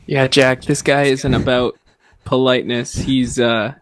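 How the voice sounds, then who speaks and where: A man's voice: medium pitch, flat delivery, unhurried, no room sound. A man playing a tabletop game, chatting casually and wryly. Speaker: player.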